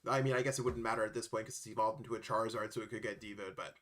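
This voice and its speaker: A man's voice: fairly low pitch, rapid-fire, faint music behind. Sleepy, chatty male co-caster. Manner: relaxed, sleepy, chatty with hesitations. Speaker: esports co-caster. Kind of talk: casual game commentary.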